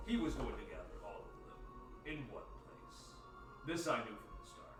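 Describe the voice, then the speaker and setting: A man's voice: mid-range voice, expressive, a little fast. Man game master narrating casually; distant, roomy sound with music.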